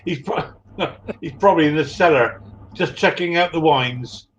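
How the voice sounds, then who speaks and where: A man's voice: fairly high pitch, slow pace, dull audio, slight background noise. A man hosting a casual group video call, friendly and teasing, calling everyone mate. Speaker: livestream host.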